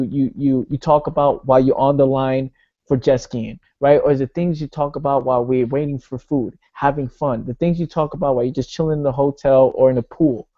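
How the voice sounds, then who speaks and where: Man, motivational speaker, casual and punchy, warm tone, dull lo-fi sound. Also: medium pitch. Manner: energetic storytelling, fillers like "right?" and "bro".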